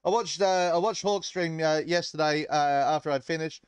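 Chatty man, smooth and dry. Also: on the high side, steady tone, normal speed, no room sound. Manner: jokey, rambling, greets chat viewers. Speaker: livestream host. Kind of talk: casual livestream chat.

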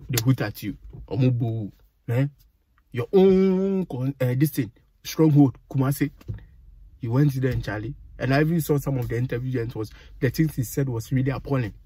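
A man's voice: medium pitch, mellow, husky. A Ghanaian man giving exasperated, indignant commentary as a vlogger, slipping between English and Pidgin. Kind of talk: ranting commentary.

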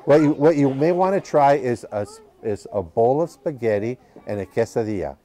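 A man's voice: mid-range voice, expressive, moderate pace, warm tone. A man reading a picture book to children at a library, patiently asking the children questions as he goes. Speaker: library storytime reader.

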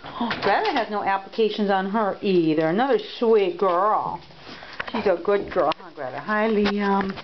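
Woman fostering dogs, sing-songy baby talk, muffled camera audio with loud background noise. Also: medium pitch, lively intonation, moderate pace. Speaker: dog foster caretaker. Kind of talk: casual home video narration. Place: home, in and out of doors. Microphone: handheld camera.

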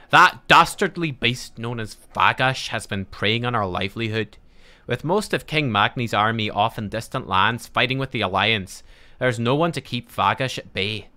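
A man reading out a game quest in a put-on voice, playing a stern male dwarf ram rancher who declaims the text loudly. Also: mid-range voice.

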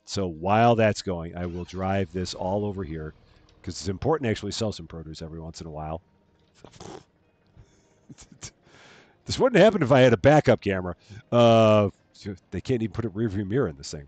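Low-voiced man chatting on a game stream. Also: expressive, fairly quick, darkish tone. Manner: chatty, greets viewers, laughs at own jokes. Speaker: live streamer. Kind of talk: casual gameplay live stream.

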